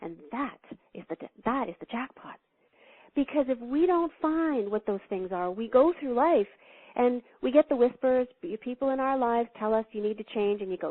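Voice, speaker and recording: A woman spiritual teacher telling stories as an interview guest, animated and laughing, acting out the quotes she tells. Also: fairly high pitch, moderate pace, dry recording. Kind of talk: storytelling spiritual talk. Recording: thin phone-line sound, dry.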